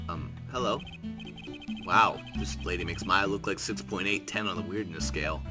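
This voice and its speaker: Over game music, a man with a deep voice hosts a let's play at a moderate pace. He reads the game text aloud and adds wry, sarcastic asides.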